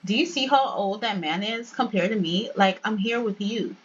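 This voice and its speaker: A woman's voice: medium pitch, moderate pace, husky, lo-fi sound, natural voice. A woman voicing a young woman in a life-sim game who brushes off her boyfriend's jealousy. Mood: soothing. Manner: breezy, brushing off complaints. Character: young woman, dismissive and reassuring girlfriend.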